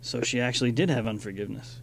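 Radio host guy, calm, sums things up, little hum behind him. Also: medium pitch, quick pace, creaky. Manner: listens with short responses, calm summarizing. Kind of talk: interview talk.

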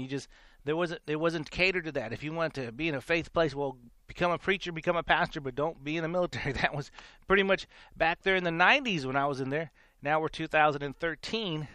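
In his forties, this man hosts a faith talk show, his voice on the high side, pushed and bright. He tells a casual story in a rambling, repetitive monologue, laughing between lines. The recording is dry.

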